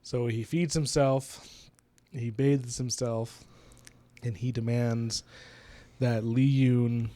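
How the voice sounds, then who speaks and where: A man of average pitch co-hosting a book podcast in casual chat. He retells the plot at length, acting out the characters' lines. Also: fairly even intonation, slow, dark tone, no room sound.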